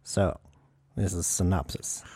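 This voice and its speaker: A man's voice: deep voice, fairly even intonation, slow pace, warm tone, breathy edge, dry recording. Easygoing man guessing movie trivia. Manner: easygoing, self-mocking, swears when stumped. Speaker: podcast co-host guessing movies. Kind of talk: casual banter.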